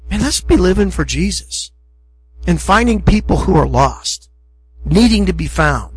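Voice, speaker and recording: A man's voice: sits high, expressive, moderate pace, breathy edge, poor audio. A middle-aged male pastor preaching a sermon in a conversational, emphatic way, acting out short asides.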